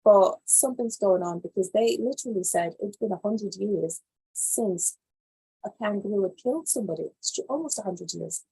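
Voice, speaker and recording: A woman hosting a live animal news show, reading stories aloud and reacting to them in casual, animated commentary. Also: medium pitch, moderate pace, gravelly, husky. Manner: animated, reacts loudly then drops to quiet asides.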